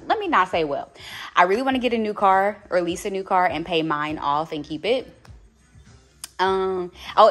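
A woman in her late twenties vlogging casually at home, rambling and thinking out loud. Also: low-pitched. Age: late 20s. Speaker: vlogger and nail tech. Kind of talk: casual vlog chat.

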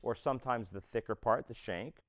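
A man's voice: medium pitch, brisk, over music. A man teaching a drum lesson, explaining step by step and counting beats aloud. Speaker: drum instructor.

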